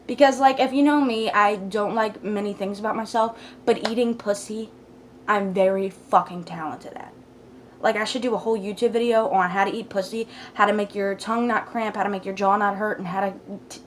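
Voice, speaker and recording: Young adult female vlogger, casual storytime delivery, animated and profane, light hiss in the background. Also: a little high. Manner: animated, swings between loud asides and hushed whispers; blunt, profane, talks with lots of fillers. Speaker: YouTuber telling a story.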